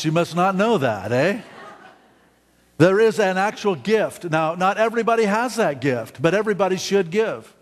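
Pastor preaching in a reverberant hall. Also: male voice, sits high. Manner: halting, repeats words, asks the congregation questions. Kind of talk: sermon. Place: church sanctuary.

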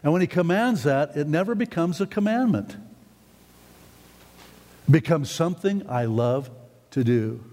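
Man preaching, folksy and rambling, fairly high voice, echo of a church hall. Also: a little slow, long pauses. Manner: folksy, rambling, rising to excited emphatic peaks. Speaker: pastor. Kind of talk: sermon. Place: church sanctuary. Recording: long hall reverb in a church.

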